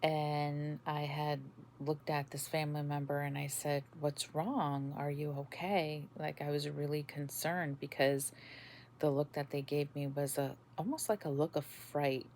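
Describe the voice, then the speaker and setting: A woman podcast host telling about a dream in a casual, halting way, with many fillers and restarts. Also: sits low, level tone, a little mellow, a little hiss or hum. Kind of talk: casual spoken testimony.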